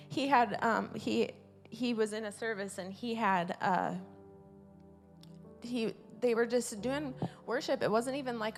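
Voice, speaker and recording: A woman preaching an informal sermon at a church service, earnest and repeating her key words, swelling louder on her main points. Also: medium pitch.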